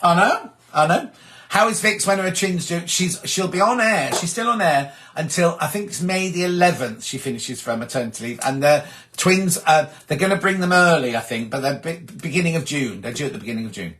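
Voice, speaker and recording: A man's voice: fairly high pitch, expressive, brisk, fairly bright tone. A middle-aged man hosting a casual live chat, rambling and gossipy as he reads out viewer messages. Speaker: host.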